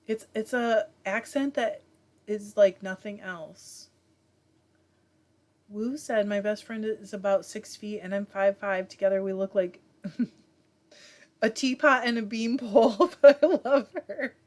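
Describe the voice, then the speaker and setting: A woman's voice: medium pitch, steady tone, unhurried, long pauses. A woman from Michigan hosting a casual livestream, chatting and reading viewer comments aloud with many fillers. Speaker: livestream host reading chat. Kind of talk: casual chat.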